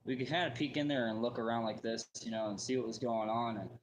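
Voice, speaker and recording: A man's voice: medium pitch, steady tone, fast, slight background noise, low-quality recording. Man, mid-range voice, rambling casual storyteller, lots of "like" and "you know". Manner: rambling, full of fillers and restarts.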